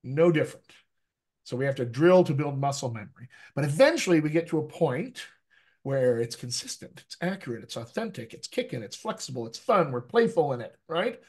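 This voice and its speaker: A man working as a dialect coach, teaching a workshop over a video call with an animated, emphatic manner. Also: fairly high pitch, a little fast, breathy edge. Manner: animated, emphatic, repeats phrases for effect.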